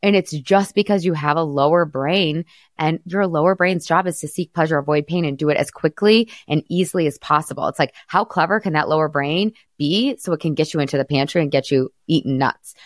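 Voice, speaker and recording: Upbeat woman coach with a low voice. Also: a little fast, dry recording, clean studio sound. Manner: upbeat, laughs often, explains patiently. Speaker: weight-loss coach and podcast host. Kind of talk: coaching conversation.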